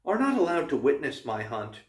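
A man reading a stern, calm goddess girl. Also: a little high. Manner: measured, commanding. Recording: roomy, distant mic.

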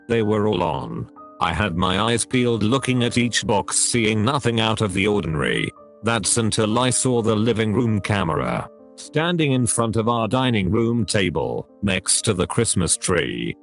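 A text-to-speech male voice narrating a horror story in a flat, even delivery. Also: fairly low pitch, moderate pace, faint music behind.

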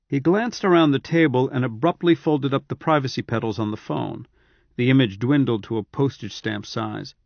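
A man reading a science fiction novel aloud in steady, measured scripted narration. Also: medium pitch, creaky, no echo, highs cut off. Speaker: audiobook narrator.

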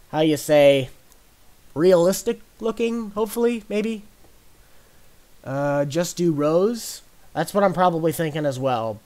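A man's voice: medium pitch, a little mellow. A young man from Nebraska hosting a casual gaming livestream, chatting and answering viewer comments as he builds. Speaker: livestream host.

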